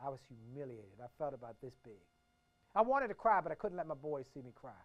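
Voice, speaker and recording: A man in his fifties from the Washington, D.C. area giving a motivational keynote speech. He tells stories emphatically, repeating phrases and swinging between hushed and booming delivery. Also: very animated, quick pace, dull audio. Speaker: motivational speaker.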